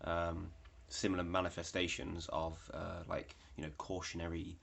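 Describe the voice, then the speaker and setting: A man's voice: low-pitched, monotone, moderate pace, gravelly, a bit bright. A young man telling a story in a rambling, casual way, with lots of fillers and swearing. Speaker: vlogger.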